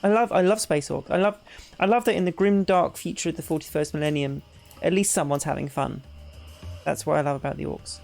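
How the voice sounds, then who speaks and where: Female streamer, casual and self-mocking, slightly gravelly, faint music behind. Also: sits low, fairly even intonation, brisk, a little mellow. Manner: chatty, self-deprecating, talks to chat. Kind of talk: casual gameplay commentary.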